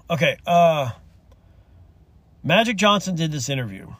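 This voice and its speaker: A man's voice: fairly high pitch, lively intonation, unhurried. A man hosting a solo rant, talking in an impassioned, rambling way, swearing and choking up as he goes. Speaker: podcast host.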